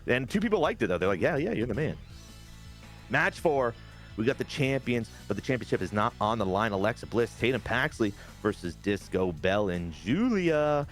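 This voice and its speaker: A man giving a casual recap of his wrestling game league, excitable and swearing now and then. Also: lowish voice, normal speed, faint music behind. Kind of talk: casual gameplay recap commentary.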